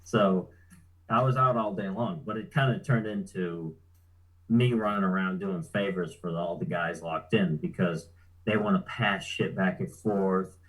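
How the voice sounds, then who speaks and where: A man's voice: sits low, a little slow, fairly bright tone, poor audio. A man telling a story in a casual, laid-back way, swearing freely and chuckling as he talks. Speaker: guest.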